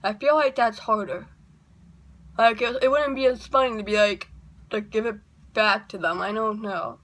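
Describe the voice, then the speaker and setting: A woman talks straight into her camera in a loose, casual vlog, her voice sitting a little on the high side. She is chatty and wry and keeps drifting into side remarks before finding her way back. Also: moderate pace, a bit bright. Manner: chatty and wry, rambling with asides. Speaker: YouTuber.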